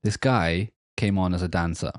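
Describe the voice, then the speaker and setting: A young Welsh man with a Welsh accent, co-hosting a casual music podcast, animated and laughing often. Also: deep voice, moderate pace, no room sound, studio quality. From Wales. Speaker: podcast co-host. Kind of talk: casual chat about music.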